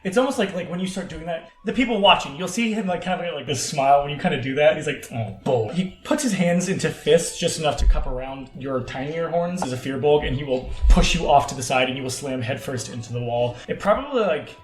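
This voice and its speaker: A man's voice: a little high, quick pace, few pauses. A man running a tabletop fight as game master, explaining rules and narrating action in a loose, rambling way. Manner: loose, rambling, laughing asides. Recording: roomy echo.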